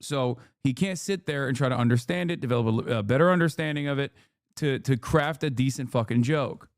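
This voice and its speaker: A man's voice: medium pitch, brisk, no room sound, studio quality. A man in his thirties, from the United States, streaming and ranting emphatically with lots of swearing and repeated lines for stress. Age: 30s. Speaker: streamer and political commentator. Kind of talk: casual ranting commentary.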